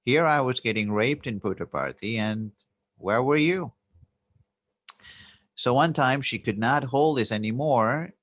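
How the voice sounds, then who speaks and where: A man giving an earnest, unhurried spiritual talk, telling a story and pausing on fillers and restarts. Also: medium pitch, a bit bright. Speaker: spiritual teacher. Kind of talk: spoken spiritual teaching with storytelling.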